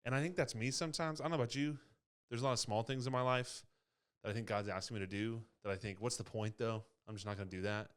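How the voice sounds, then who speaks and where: A man's voice: mid-range voice, fast talker, clean tone. A man leading a youth ministry talk, casually retelling a Bible story and acting out the quotes. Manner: animated storyteller, acts out quotes. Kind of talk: casual Bible teaching chat.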